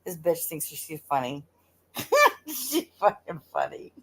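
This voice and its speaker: A woman's voice: deep voice, wildly swooping pitch, takes it slowly, a little mellow, breathy edge. A woman hosting a live stream, chatting casually with her viewers, laughing often and swearing freely. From United States.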